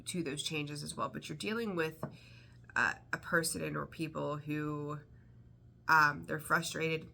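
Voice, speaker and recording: A woman's voice: low voice, vocal fry, sharp tone, slight background noise. A woman giving a casual tarot reading, rambling and swearing freely with exasperated outbursts. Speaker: tarot reader.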